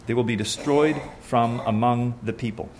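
A male preacher, neither high nor low in pitch, teaching from scripture in a conversational sermon. He keeps putting questions to his congregation and answers them himself in an earnest, friendly tone. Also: normal speed, slight background noise.

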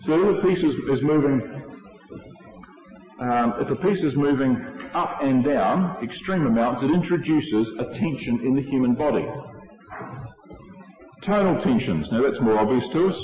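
A man's voice: mid-range voice, animated, normal speed. Man preaching in an echoey hall. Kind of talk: sermon. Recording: echoey hall, dull lo-fi sound.

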